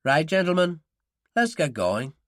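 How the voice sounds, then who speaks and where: A man voicing a dry, wry middle-aged ex-gunman, a little higher than his own voice. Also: very animated, unhurried, a bit bright, no echo.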